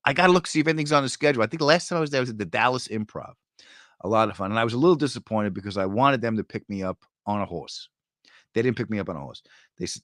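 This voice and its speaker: A man with a New York accent, a comedian chatting casually and answering viewer comments, joking and telling animated stories that jump into sudden high bursts. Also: dry recording, clean studio sound. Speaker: comedian hosting a live chat.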